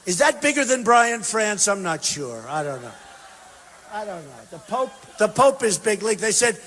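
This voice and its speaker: A man giving a campaign rally speech, emphatic and repetitive, swinging between shouted bursts and quiet asides. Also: high-pitched, very animated, moderate pace, slight background noise. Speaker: political candidate speaking at a rally. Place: large university venue. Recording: long reverb from a big hall.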